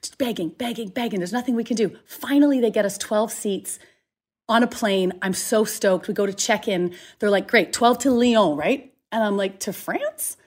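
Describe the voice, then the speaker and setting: A woman's voice: mid-range voice, normal speed. A woman from Canada, a guest on a video call, telling a long travel mishap story with energy and acting out the other people in it. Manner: animated storytelling, acts out other people's lines. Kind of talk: casual chat on a video call.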